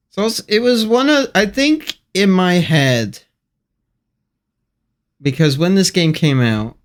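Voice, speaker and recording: A man hosting a casual gaming show, easygoing and quick to agree with short replies. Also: medium pitch. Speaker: host and player.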